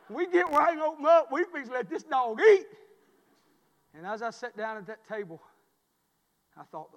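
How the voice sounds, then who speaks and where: A man preaching a sermon, swinging between loud high cries and low hushed asides in plain folksy speech. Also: very animated, a little slow, long pauses. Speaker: pastor. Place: church sanctuary. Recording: long reverb of a church hall.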